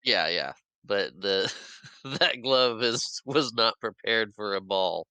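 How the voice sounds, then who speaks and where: Low, bright man chuckling along. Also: lively intonation, takes it slowly, clear, resonant tone, no room sound. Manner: chuckles a lot, chimes in with short agreements and jokes. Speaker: podcast co-host. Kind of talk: casual movie recap chat.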